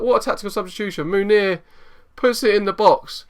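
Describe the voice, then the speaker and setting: A man giving excitable live commentary over a football management game, swinging from low muttering to loud outbursts. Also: a little fast, few pauses, clean tone. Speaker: gaming YouTuber.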